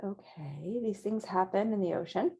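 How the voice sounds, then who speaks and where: A woman teaching a virtual painting class, guiding students gently step by step at a close mic. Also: medium pitch, moderate pace, breathy edge, muffled recording. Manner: gentle, encouraging step-by-step guidance. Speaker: painting instructor.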